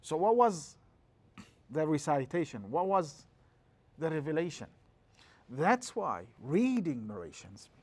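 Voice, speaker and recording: A middle-aged religious teacher lectures in a classroom, explaining things in a lively way and breaking into quick chanted scripture passages. His pitch is fairly high.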